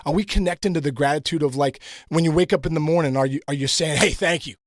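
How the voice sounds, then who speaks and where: A middle-aged man talks fast in a casual interview. His voice sits a little high for a man, and he tells stories with lots of fillers. The sound is dry and close. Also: dry recording. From Pittsburgh, United States. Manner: animated storytelling, many fillers. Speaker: guest, former baseball player and coach.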